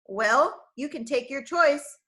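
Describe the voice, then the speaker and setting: A woman's voice: high-pitched, animated, unhurried, a bit bright. A woman voicing a sneering, taunting male figure of fear who mocks and threatens in a storybook.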